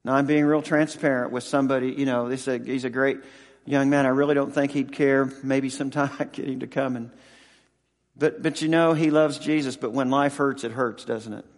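A man in his sixties, a pastor and football chaplain, preaching a sermon with halting, emotional storytelling and many restarts. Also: medium pitch, steady tone, in a large hall. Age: 60s.

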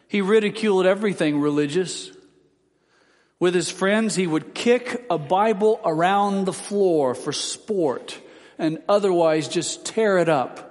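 Guy giving a sermon, kinda high voice, solemn dramatic reading, lots of reverb. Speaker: preacher.

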